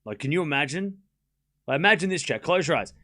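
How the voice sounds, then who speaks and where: A young man chats loosely into his desk mic while hosting a live tennis watchalong. His voice sits a little on the high side for a man. He rambles through run-on thoughts packed with fillers and gets excitable and scornful when he mocks commenters. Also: fast talker. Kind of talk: casual live-stream chat.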